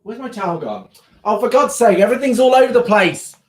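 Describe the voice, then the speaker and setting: A young man hosting a livestream, chatting casually with viewers in an animated, rambling way. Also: high voice, brisk. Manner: chatty, animated, self-interrupting. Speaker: livestream host. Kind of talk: casual live chat with viewers.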